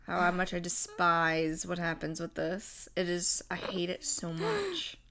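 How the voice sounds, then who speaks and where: A young woman co-hosting a casual chat about a sitcom, animated and quick to laugh. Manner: animated, laughs often, jumps into high squeals when amused. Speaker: podcast co-host.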